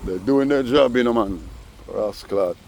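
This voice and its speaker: A man's voice: medium pitch, a little slow, creaky, a little mellow. A man, rambling through a casual vlog monologue outdoors and tossing in "you know" every few phrases. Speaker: vlogger. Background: faint traffic noise.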